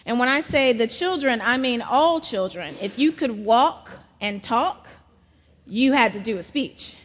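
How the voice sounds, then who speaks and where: A middle-aged woman from South Carolina, preaching a sermon in a slow storytelling manner. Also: on the high side, lively intonation, a bit bright, in a large hall. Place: large church.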